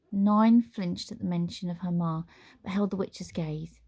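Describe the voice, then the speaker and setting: Woman narrating a children's storybook. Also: on the low side. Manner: measured, expressive storytelling. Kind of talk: storybook reading.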